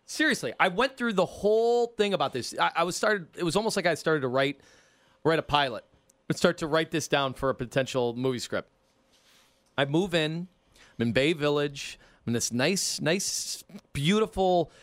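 Brief: male podcast host, lively swooping delivery, fairly high voice, casual storyteller. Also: normal speed. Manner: animated, spinning a comic hypothetical.

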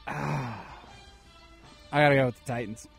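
A man's voice: medium pitch, normal speed, vocal fry, husky, faint music behind. A man co-hosting a sports talk show in a laid-back, dry way. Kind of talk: casual sports banter.

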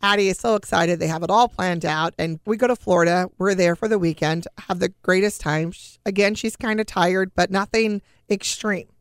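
A middle-aged woman casually telling a personal family story, animated and full of conversational fillers. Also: on the low side, normal speed, few pauses, clean tone, no echo, clean studio sound. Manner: animated, acts out quoted dialogue.

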